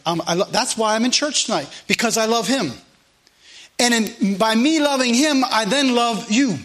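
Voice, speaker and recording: A man's voice: very high-pitched, a bit bright. A man pastor, preaching a sermon in a church in an earnest, conversational way full of asides and repeated phrases. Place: church sanctuary.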